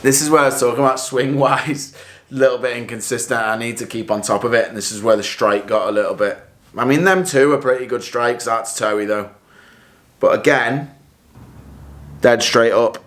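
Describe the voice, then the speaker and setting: A man's voice: medium pitch, normal speed. Chatty man commenting between golf shots. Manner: chatty, self-critical, bursts of excited exclamations. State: a bit out of breath at times. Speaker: golf vlogger. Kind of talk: casual vlog commentary while hitting shots.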